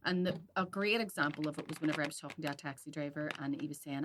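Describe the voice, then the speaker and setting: A woman's voice: sits low, rapid-fire, hardly any pauses, noisy background. A woman co-hosting a podcast, chatting casually and frankly, swearing freely. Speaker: podcast co-host. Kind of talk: casual chat.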